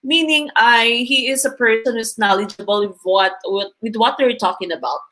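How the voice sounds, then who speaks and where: A woman's voice: a little high, moderate pace, bright, forceful tone. A Filipino-accented woman running a live-stream exam review lesson, reading quiz items and answer choices aloud and explaining each answer step by step with polite Tagalog asides. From Philippines. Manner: mixes English with Tagalog, adds polite "po".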